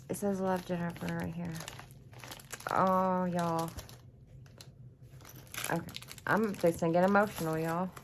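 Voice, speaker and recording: Slow and flat, with long pauses, a fairly low-voiced woman unboxes craft supplies in her home craft room. Still, this YouTuber gushes, gets emotional, chats freely, and keeps saying "y'all." There's slight background noise.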